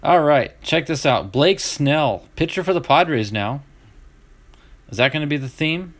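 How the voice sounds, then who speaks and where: Middle-aged man, Southern US accent, relaxed chat as a card-breaking streamer, restarts a lot and laughs along. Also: on the high side, normal speed. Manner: chatty, laughs easily, restarts and trails off. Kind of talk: casual chat.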